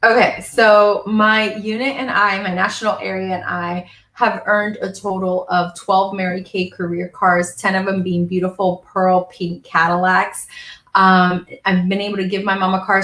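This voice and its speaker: A woman's voice: mid-range voice, flat delivery, moderate pace, fairly bright tone, echoey room, rough recording. A woman guest in an interview, telling her story earnestly and getting emotional at times. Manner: emotional, tearful at moments, earnest. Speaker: national sales director, guest.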